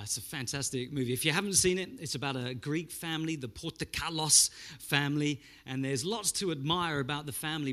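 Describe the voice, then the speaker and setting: Bright-voiced animated male preacher. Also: a little high. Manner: animated storyteller, mimics spray sounds. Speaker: pastor. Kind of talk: Pentecostal sermon.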